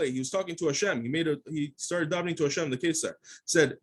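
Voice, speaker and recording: A man's voice: a little high, expressive, brisk, a bit bright, slightly rough. A man, a rabbi, teaches a daily Talmud class, reading each Aramaic phrase and then explaining it in English, often restarting mid-sentence.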